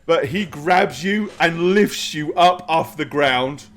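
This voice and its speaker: A man's voice: fairly high pitch, takes it slowly, a bit bright. A man narrating a tabletop role-playing game as game master, casual and loose with fillers. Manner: casual, with many fillers and laughs.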